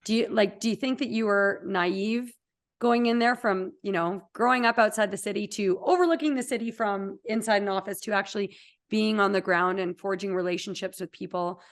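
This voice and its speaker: A woman hosts an interview in an even, mid-pitched voice. She asks questions and keeps murmuring along as her guest speaks. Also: brisk. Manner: warm listener, frequent murmured agreement. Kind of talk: conversational interview.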